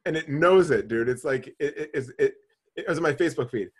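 Animated man telling a story. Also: on the high side, fast talker, husky. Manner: animated, swears freely, acts out his own panic. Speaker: podcast co-host. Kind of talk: casual storytelling chat.

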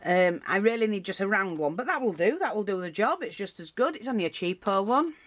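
A woman's voice: medium pitch, expressive, a little fast, slight background noise. A woman giving a casual, rambling craft tutorial, full of asides and restarts.

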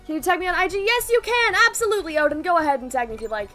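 A woman streaming a game live, bubbly and excitedly thanking her chat. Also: very high-pitched, very fast, faint music behind. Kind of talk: casual live gameplay streaming.

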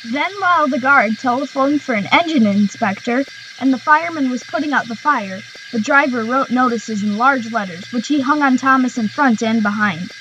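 A woman narrating a children's railway story in a gentle, measured reading voice. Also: high-pitched, lo-fi sound, a little hiss or hum. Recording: music bed behind the voice. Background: background music.

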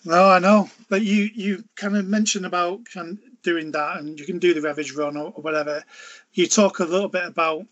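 A male interviewer with a somewhat higher voice asks loose, prompting questions. The recording of him sounds a bit muffled and dull. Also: fairly even intonation, fairly quick, fairly bright tone. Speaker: interviewer host. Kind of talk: casual interview.

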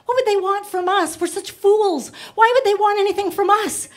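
A woman with a high voice works a stand-up set before a live audience, chatting along and jumping into little voiced asides. She talks straight at the crowd from a handheld mic on a club stage. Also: normal speed. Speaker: stand-up comedian.

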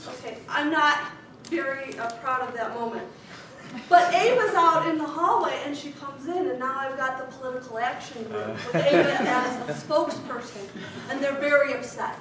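A woman in her thirties from Chicago, giving a humorous speech to an audience with a wry, deliberate storytelling manner. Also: sits high. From Chicago, USA. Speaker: contest speaker. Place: large echoey hall before an audience. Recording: echoey hall, distant mic, noisy.

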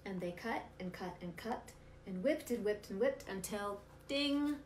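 A woman reads a picture book aloud for storytime, expressive and animated. Her voice sits at a middle pitch, and the room sounds roomy with a faint hiss underneath. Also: normal speed. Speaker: artist reading picture books.

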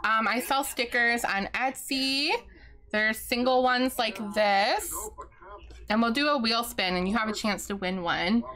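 A woman's voice: on the high side, measured pace, sharp tone. A young adult woman streaming a game live, giggly and effusive as she thanks her chat.

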